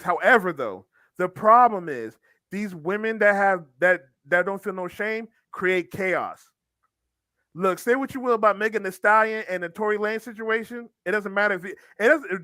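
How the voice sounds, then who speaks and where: Bright high guy cohost, lectures w lots of restarts, dry sound. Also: no echo. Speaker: podcast co-host. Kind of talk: casual commentary chat.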